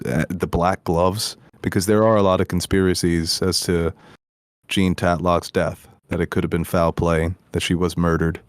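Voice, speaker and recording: A man's voice: sits low, no echo, clean studio sound. A man co-hosting a podcast, chatting casually about a film with wry, joking asides. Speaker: podcast co-host. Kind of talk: casual film review chat.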